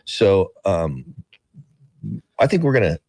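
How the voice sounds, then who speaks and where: Very deep-voiced man, halting. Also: big pitch swings, a little mellow, dry recording, studio quality. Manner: halting, many restarts and fillers. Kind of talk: casual discussion.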